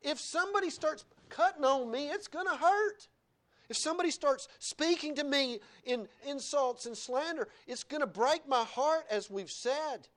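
A male pastor with a lilt delivers a lively sermon. His voice swings from low, quiet asides to bright, loud declarations, broken by laughing remarks. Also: moderate pace, hardly any pauses. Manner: animated, laughing asides, wide swings in pitch and loudness.

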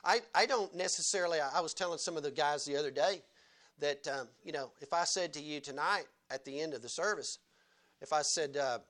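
A man's voice: a little high, brisk, a bit bright. A male pastor delivering a sermon at a church service, earnest, repeating key phrases and asking rhetorical questions.

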